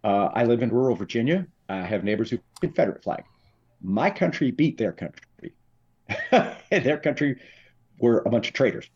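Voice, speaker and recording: A man's voice: mid-range voice, moderate pace, husky, lo-fi sound. A man from Texas, a political commentator, talking as a podcast guest in an emphatic, joking storytelling manner. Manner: animated storyteller, emphatic and jokey. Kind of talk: podcast interview chat.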